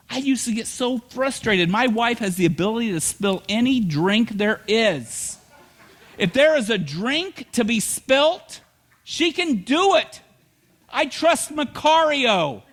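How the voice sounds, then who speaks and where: A middle-aged male pastor preaching a sermon, telling humorous stories with lively, animated delivery. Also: extremely high pitch.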